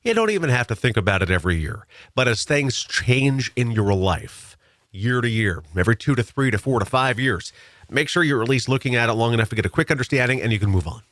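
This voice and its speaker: A man's voice: mid-range voice, lively intonation, a little fast, a bit bright, no room sound. A man who works as an insurance agent, chatting earnestly on a morning radio show and giving practical advice. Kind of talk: casual radio chat.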